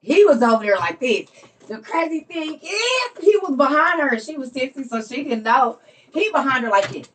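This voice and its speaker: A woman who hosts a livestream and tells a story in a casual way. She laughs often and swings between soft, quiet lines and loud ones. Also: sits high, big pitch swings, normal speed, far from the mic, a little hiss or hum. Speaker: livestream host.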